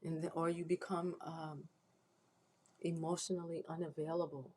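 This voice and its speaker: A woman's voice: deep voice, flat delivery, moderate pace, dark tone, slight background noise, rough recording. A woman hosting a faith-based livestream, making an earnest, preacherly appeal with frequent restarts, emotional and close to tears. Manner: earnest, repeats herself with restarts, preacherly encouragement. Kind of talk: heartfelt spoken appeal to viewers.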